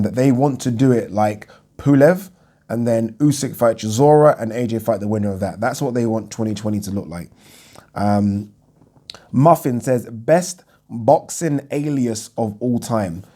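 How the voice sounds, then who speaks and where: A man's voice: lowish voice, mellow. A man hosting his own boxing Q&A, answering viewer questions in a frank, rambling way with many ums. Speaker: boxing YouTube host. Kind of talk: casual Q&A chat.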